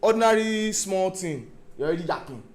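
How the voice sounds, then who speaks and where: A man giving a lively talk on stage. He acts out phone calls with sudden loud outbursts and keeps asking his listeners if they understand. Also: high-pitched, a little fast. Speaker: speaker.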